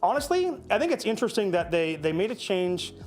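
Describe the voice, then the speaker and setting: A man talks easily as the host of a gaming stream, his voice sitting on the higher side. He chats and jokes in a casual way. Faint music plays behind him. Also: sing-song, fairly quick, a little mellow. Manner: chatty, jokey, thanks viewers. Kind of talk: casual chat.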